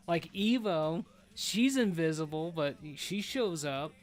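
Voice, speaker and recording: A man with a slightly high voice leads his raid team on a live gaming stream, blunt and quick to curse. He barks out instructions and gripes at teammates in a casual, offhand way. Faint music plays behind him. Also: expressive. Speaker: raid leader streaming an online game.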